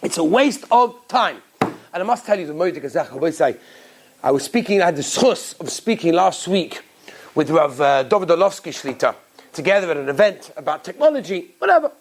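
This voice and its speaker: A man, a rabbi, giving an animated Torah lecture, acting out little voices and laughing often. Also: on the high side, a little fast.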